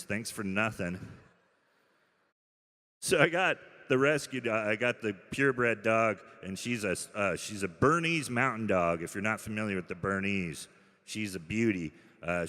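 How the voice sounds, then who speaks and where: A man doing a stand-up routine in deadpan storytelling mode, with sudden loud bursts. His voice sits fairly low and sounds bright and forceful. The live stage sound carries a long hall reverb. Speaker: stand-up comedian. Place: comedy club stage.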